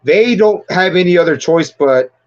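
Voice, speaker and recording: A man's voice: high-pitched, animated, normal speed. Rambling, profane man with dull lo-fi sound. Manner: rambling, profane, laughs often. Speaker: livestream host. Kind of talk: casual movie discussion.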